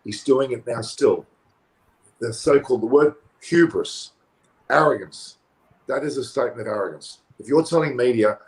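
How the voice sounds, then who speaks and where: An Australian man with an Australian accent, a cricket pundit on a post-match panel, talking forcefully and indignantly and repeating words when heated. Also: mid-range voice, normal speed, low-quality recording.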